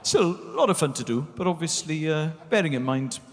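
A man's voice: on the high side, animated, fairly quick. A man co-hosting a live comedy podcast, out of breath and telling a jokey story. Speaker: podcast co-host.

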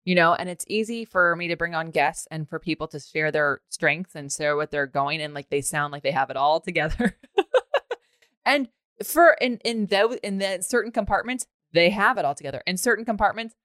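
A woman's voice: fairly low pitch, animated, moderate pace, fairly bright tone, dry recording, clean studio sound. A woman hosting a podcast, chatting casually with a guest, laughing often and swearing freely. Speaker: podcast host. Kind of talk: casual chat.

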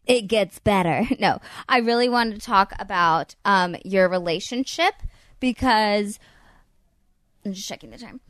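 A woman's voice: medium pitch, a bit bright, dry recording. Giggly, gushing woman podcast host. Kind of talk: casual chat.

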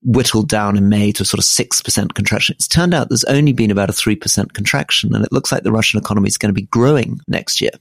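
A middle-aged man with a low, gravelly voice talks through politics in a measured, explanatory way, restarting his sentences now and then. The sound is dry and close. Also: no room sound. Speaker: podcast co-host. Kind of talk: casual political discussion.

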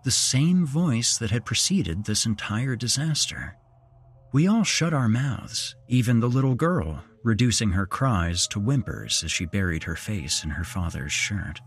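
Man, horror story narration, husky, slow, dramatic, varied intonation. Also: lowish voice, very animated. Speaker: podcast host and narrator.

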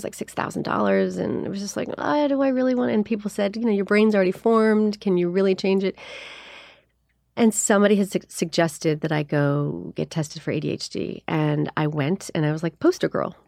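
A woman in her forties, an actress, chatting in an interview and acting out her own thoughts in quick, lively asides. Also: mid-range voice, creaky, no echo, clean studio sound. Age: 40s. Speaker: actress guest. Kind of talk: casual interview chat.

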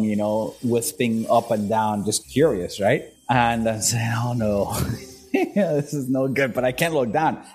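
A man from Venezuela, a guest in an interview, telling stories in a lively way, acting out the people in them and laughing along. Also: lowish voice. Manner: animated storyteller, acts out quotes and laughs. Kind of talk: storytelling in an interview.

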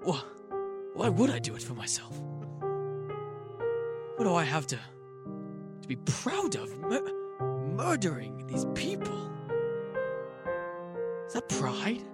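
A man playing a blustering British army captain in improvised comedic role-play, shouting a bombastic rallying speech that wavers into self-doubt. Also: fairly high pitch, huge pitch swings, slow pace, pauses often, over loud music, heavily acted. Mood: doubting, wavering.

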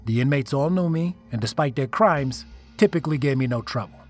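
A man's voice: medium pitch, animated, brisk, darkish tone, faint music behind. A man reading a first-person horror story as a scripted narration, telling it dramatically and swelling on the tense moments.

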